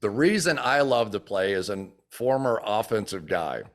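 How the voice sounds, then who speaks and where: A man's voice: lowish voice, moderate pace. A man in his sixties, a former football player turned TV analyst, chatting in an interview and acting out the quotes in his stories. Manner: animated storyteller who acts out quotes. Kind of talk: casual interview chat.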